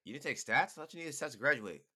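A man's voice: mid-range voice, expressive, fast talker, sharp tone, slightly rough. A tipsy young man chatting casually with laid-back slang, teasing and apologetic by turns. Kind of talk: casual chat.

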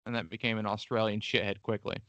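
A man's voice: lowish voice, level tone, quick pace, fairly bright tone, lo-fi sound. A man co-hosting a casual history podcast, telling the story with irreverent jokes and profanity. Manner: irreverent, joking asides with profanity. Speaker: podcast co-host.

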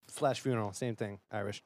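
A man co-hosting a podcast, bantering loudly with laughs and swearing. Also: lowish voice, fairly even intonation, moderate pace, no room sound. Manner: loud, laughing, rambling banter with profanity. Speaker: podcast co-host. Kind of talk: casual chat.

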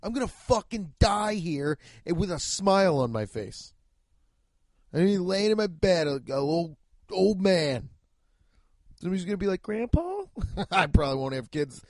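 A man's voice: on the high side, expressive, moderate pace, dry recording, clean studio sound. A man hosting a solo comedy podcast, ranting and rambling with heavy profanity. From United States. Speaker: podcast host.

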